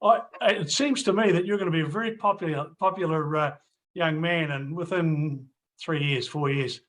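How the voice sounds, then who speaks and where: A middle-aged man hosts a casual chat and then talks straight to his viewers. His voice sits a little high for a man, and he rambles, restarting and doubling back on his words. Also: normal speed, a bit bright. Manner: rambling, restarts and repeats phrases. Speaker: host. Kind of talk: casual video interview and wrap-up to viewers.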